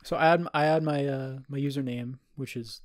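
A man's voice: medium pitch, steady tone, normal speed, dry recording, clean studio sound. A man in his twenties, co-hosting a podcast and telling a rambling, profane party story in casual chat. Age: 20s. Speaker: podcast co-host.

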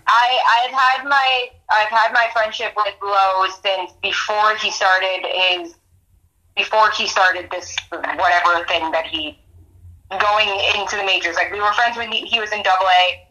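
A woman on a podcast, telling an animated story in casual sports chat with plenty of swearing. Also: mid-range voice, measured pace, poor audio. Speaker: podcast co-host.

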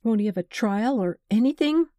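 A woman's voice: fairly high pitch, expressive, normal speed, mellow, no room sound, pitched above the performer's own voice, close to an everyday voice. A woman reading the part of a fierce, streetwise woman who hisses and pleads. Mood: pleading.

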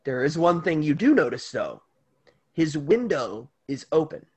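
A man's voice: a little high, sing-song, a little slow, a little mellow, breathy edge. A man narrating as game master of a tabletop game, loose and full of fillers.

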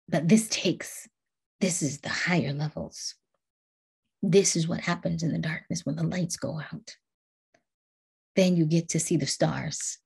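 Woman religious teacher, low husky voice, earnest, repeats phrases for emphasis. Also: a little mellow. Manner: earnest, repetitive, builds emphasis by repeating words. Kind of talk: devotional talk.

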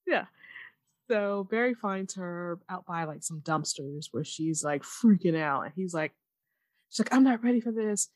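On a casual podcast, a female co-host with a lowish voice recaps a TV episode and brings the characters' lines to life with fast, animated impressions. Her audio is studio quality, with no room sound.

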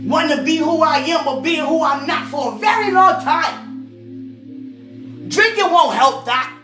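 High-voiced woman giving an emphatic faith testimony. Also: unhurried. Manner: emphatic, swinging from soft musing to loud outbursts. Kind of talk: casual spoken testimony. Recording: roomy echo with music behind.

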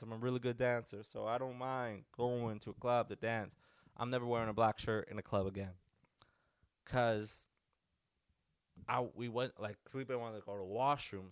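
Male podcast host, casual rambling storyteller, mid pitch, dry close sound. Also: clear, resonant tone, no echo. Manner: rambling, animated, with many restarts.

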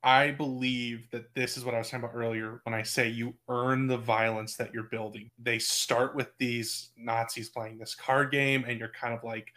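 A man's voice: medium pitch, fairly even intonation, sharp tone. A man co-hosting a casual movie-review podcast, talking through a scene with enthusiasm and laughing often. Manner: enthusiastic, quick to laugh, thinks aloud. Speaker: podcast co-host.

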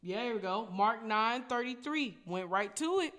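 Lively woman preaching to her listeners. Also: on the high side, moderate pace. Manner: animated, preachy, addresses listeners as y'all. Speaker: podcast host. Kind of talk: casual faith talk.

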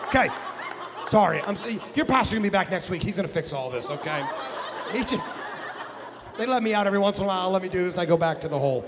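A man from the Midwest, a guest pastor telling a comic story in a sermon, animated and jokey with bursts of shouting. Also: high-pitched, quick pace, long pauses, a crowd in the background. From American Midwest. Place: church sanctuary. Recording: long hall reverb in a church.

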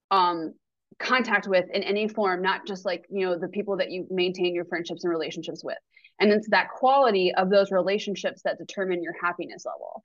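A woman speaks openly and with animation in a relaxed podcast chat, swearing casually as she goes. Her voice sits in a middle register. The recording is dry and a touch muffled. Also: mid-range voice, dry recording. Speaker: podcast guest. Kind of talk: casual conversation.

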